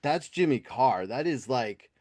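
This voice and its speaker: A man's voice: medium pitch, expressive, unhurried, a little mellow, dry recording. Profane, mocking male podcast host. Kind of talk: casual podcast chat.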